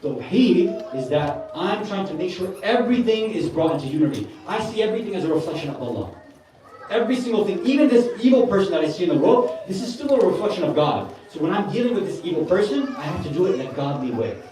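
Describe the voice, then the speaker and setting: A man's voice: high voice, very animated, quick pace. Brief: male preacher, earnest and conversational, recorded far off in a big echoey hall. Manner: earnest, conversational, with Arabic religious terms. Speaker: speaker at a Muharram gathering. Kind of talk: sermon. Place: large hall with a gathering.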